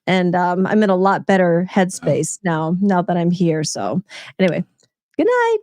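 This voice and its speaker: A woman's voice: on the low side, fairly even intonation, measured pace, darkish tone, no echo. A woman co-hosting a live stream in casual chat, giggling and reading viewers' messages aloud.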